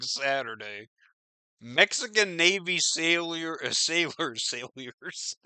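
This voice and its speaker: A man's voice: fairly high pitch, sharp tone, clear, resonant tone, dry recording. A man hosting a podcast, riffing on news in a profane, rambling, incredulous way. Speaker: podcast host. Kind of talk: casual news commentary.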